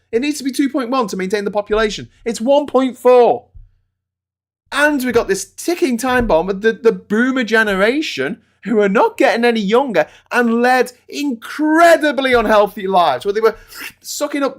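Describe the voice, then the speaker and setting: Impassioned sweary man ranting. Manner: impassioned, sweary, swings between loud outbursts and low muttering. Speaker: political commentator host. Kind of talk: livestream political rant.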